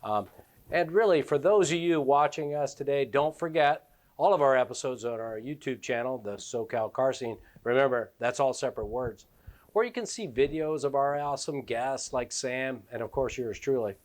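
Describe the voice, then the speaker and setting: A man's voice: medium pitch, lively intonation, normal speed. Friendly male podcast host. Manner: friendly, affirming, promo-style wrap-up. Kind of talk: interview hosting and sign-off. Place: car storage shop.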